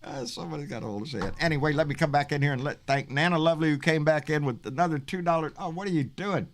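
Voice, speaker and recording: A man's voice: on the high side, very fast, a little hiss or hum. A man in his sixties from Texas hosting a casual political livestream, blunt and profane, often calling people baby. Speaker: livestream talk show host.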